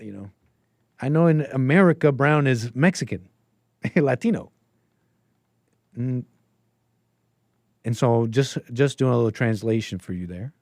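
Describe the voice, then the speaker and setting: A man's voice: mid-range voice, no echo. A young man hosting a casual live stream, riffing sarcastically over a clip with frequent laughing asides. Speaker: streamer host.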